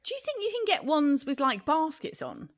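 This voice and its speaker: Comedy podcast co-host: woman, fairly high voice with a lively, varied pitch, dry teasing delivery. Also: normal speed. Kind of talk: casual comedy chat.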